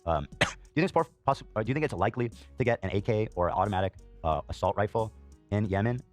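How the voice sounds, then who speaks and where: Fast, deep-voiced heated male host. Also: expressive, soft background music. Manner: heated, swears, frequent fillers and coughs. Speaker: podcast host. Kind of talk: reaction commentary.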